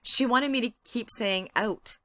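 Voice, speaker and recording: A woman's voice: mid-range voice, lively intonation, normal speed, bright, forceful tone, no room sound. Giggly woman interviewer, dry sound. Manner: friendly, giggly. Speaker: interviewer, host. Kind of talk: casual interview chat.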